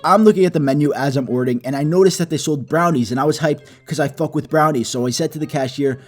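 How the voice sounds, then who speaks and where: Brief: young male storytime narrator, profane and lively, slightly high pitch, light music bed. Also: fast talker. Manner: profane, animated, self-mocking. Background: soft background music.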